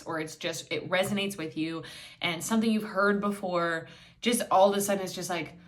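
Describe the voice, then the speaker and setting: A woman's voice: fairly low pitch, a bit bright, slight background noise. A young woman hosting a solo podcast, talking candidly and bluntly, swearing freely and acting out quoted voices, filming herself indoors. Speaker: podcast host.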